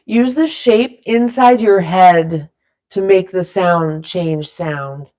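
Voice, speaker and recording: A woman leading a silly vocal warm-up in a playful, rambling way, drifting into loose improvised rapping. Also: fairly low pitch, takes it slowly. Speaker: vlogger leading a vocal exercise. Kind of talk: playful casual instruction.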